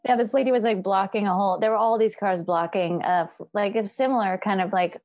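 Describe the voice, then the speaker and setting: A woman's voice: medium pitch, fast. A woman from California telling a story in casual chat, laughing often and acting out the people she quotes. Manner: animated, laughing, acts out quoted voices.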